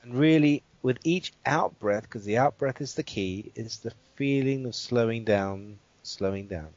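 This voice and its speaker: A man who is a guest expert, calmly walking through a guided exercise and checking in with the listener as he explains. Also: medium pitch, no echo. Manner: measured and explanatory, checks in with "right?". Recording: dull, dry interview audio.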